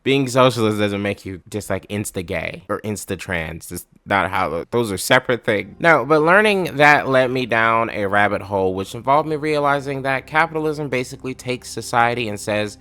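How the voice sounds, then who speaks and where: A man's voice: mid-range voice, animated, normal speed, few pauses, sharp tone. A man hosting a comedic political video, ranting sarcastically and swearing freely. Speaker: video host.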